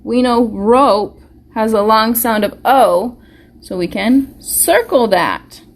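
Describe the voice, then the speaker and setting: A woman leads a children's phonics lesson on a live stream, speaking at an unhurried, deliberate pace. Her voice sits a little high, and she sounds out each word carefully, cheering the kids along with gentle encouragement. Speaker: preschool teacher. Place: school or home classroom, live stream.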